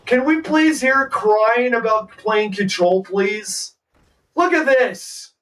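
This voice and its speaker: A man's voice: extremely high pitch, expressive, slow, fairly bright tone, recorded from a distance. A man streaming a card game live, ranting and swearing in profane trash talk at his opponent. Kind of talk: live gameplay commentary.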